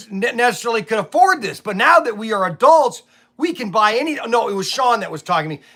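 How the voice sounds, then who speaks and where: A man's voice: high voice, sharp tone. A middle-aged man who owns a toy shop, telling rambling stories in a casual vlog, repeating words and acting out his phone calls.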